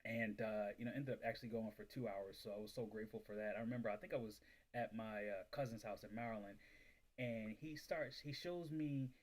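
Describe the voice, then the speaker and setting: A man hosting a casual livestream on reselling, telling stories in an animated way, full of "like" and acting out other people's voices. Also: fairly low pitch, fairly quick. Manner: animated, acts out quoted voices, heavy use of "like". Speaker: reselling business livestream host.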